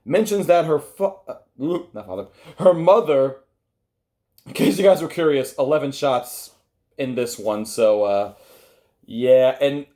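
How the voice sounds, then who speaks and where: A man's voice: mid-range voice, unhurried, warm tone. A man hosting an online review, talking casually and sarcastically straight to his viewers with a critical edge. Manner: wry, critical, talks to viewers directly.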